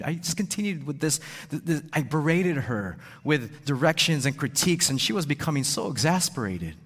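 A man's voice: fairly high pitch, very animated, moderate pace, hardly any pauses, a bit bright, slightly rough. A male pastor delivering a sermon, often repeating words and tagging sentences with "right?". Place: church. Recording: long reverb in a church hall.

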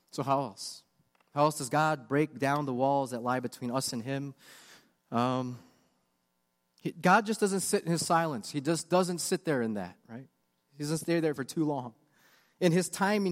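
A man's voice: mid-range voice, big-room sound. A man preaching a sermon with earnest, confessional questions. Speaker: pastor.

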